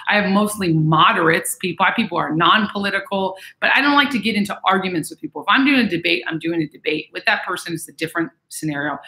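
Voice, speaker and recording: Woman vlogger, lowish voice with a bright, forceful edge, chatty and animated, roomy echo. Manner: chatty, animated, acts out quoted people. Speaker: vlogger reading and answering viewer messages. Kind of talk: casual advice chat. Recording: echoey room.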